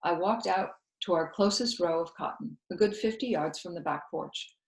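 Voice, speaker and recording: A woman's voice: lowish voice, moderate pace. Woman reading a novel aloud, roomy sound. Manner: steady storytelling narration. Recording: roomy echo.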